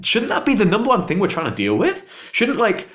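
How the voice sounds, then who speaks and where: A young man delivers a heated political rant as a vlog. His voice swings widely in pitch, surging high when agitated. He sounds exasperated, as if struggling to keep his anger in check. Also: wildly swooping pitch, brisk, fairly bright tone, dull audio. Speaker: vlogger. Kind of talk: impassioned political rant to camera.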